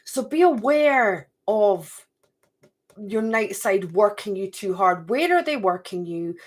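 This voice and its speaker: A woman giving a casual, chatty spiritual card reading to her viewers, often checking in with "okay?" and "right?". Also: mid-range voice.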